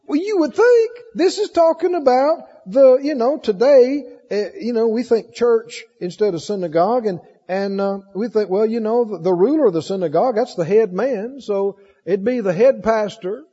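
A man's voice: high voice, normal speed, few pauses, dark tone, slightly rough. A male pastor preaching a sermon, reading scripture aloud and asking the congregation questions. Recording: dull lo-fi tape with long reverb.

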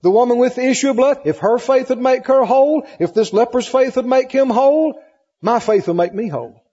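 A man preaches with emphatic repetition, pressing his congregation with questions. His voice sits high and has a husky edge. The recording is muffled, and the sound rings with long reverb from the church hall. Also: brisk, warm tone. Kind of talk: sermon.

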